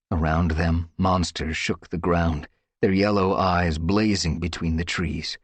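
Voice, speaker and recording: Deep husky male audiobook narrator. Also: unhurried, no room sound. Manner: expressive, tense storytelling. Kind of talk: dramatic scripted narration.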